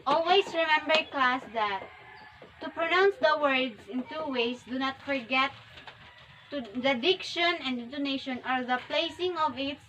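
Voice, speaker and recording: A young woman teaching a demo class in a high, bright voice, stopping and restarting as she explains. The recording is a little dull, with some faint noise behind her. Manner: slow, repetitive, self-correcting classroom explanation. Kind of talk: demo micro-teaching lesson.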